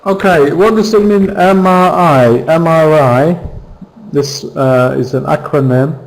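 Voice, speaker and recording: Slow, patient male English teacher. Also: fairly high pitch, rough recording. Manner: slow, patient drilling of words and stress. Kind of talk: online vocabulary lesson. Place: virtual classroom.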